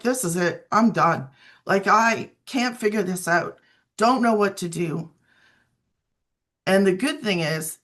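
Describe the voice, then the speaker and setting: A woman's voice: medium pitch, a bit bright. Earnest woman telling her own story. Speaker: guest sharing her story. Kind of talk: casual testimonial.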